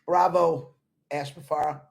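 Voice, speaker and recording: A man gives a rambling, earnest pep talk and keeps coming back to the same points. His voice sits high for a man and has a gravelly edge. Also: steady tone, unhurried, noisy background. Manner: earnest, rambling, repeats himself. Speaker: company supporter talking to members. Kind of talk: casual motivational talk.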